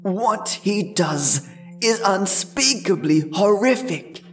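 Man voicing old grandmother, eerie ghost-tale teller, slow ominous hush, raised pitch, music under. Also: lively intonation, far from the mic. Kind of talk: horror story narration.

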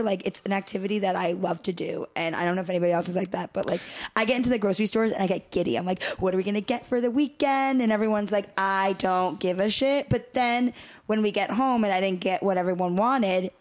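A woman's voice: medium pitch, quick pace. A young woman co-hosting a podcast, telling stories in casual chat and laughing often. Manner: laughing, storytelling. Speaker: podcast co-host.

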